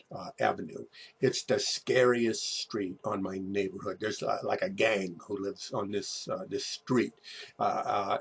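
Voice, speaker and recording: A man telling a personal story from his childhood over photos, in a halting way full of restarts and repeated words. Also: fairly low pitch, breathy edge.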